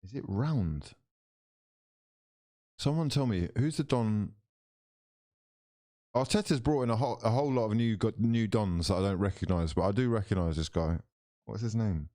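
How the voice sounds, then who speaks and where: On his football watchalong stream, this man alternates between mock play-by-play and sudden, loud shouts of excitement. His pitch is fairly low and his pace is normal, with long pauses, and the studio-quality audio has no echo.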